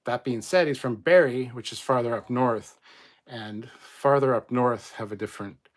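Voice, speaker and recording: A man's voice: medium pitch, moderate pace. A man from Canada reading out viewer comments in a casual live chat, blunt and rambling, swearing freely.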